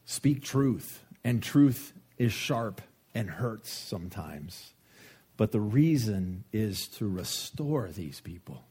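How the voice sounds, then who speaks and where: Husky preacher, joking and animated. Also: male voice, fairly low pitch, slow. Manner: joking, animated, asks rhetorical questions. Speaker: pastor. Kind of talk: sermon.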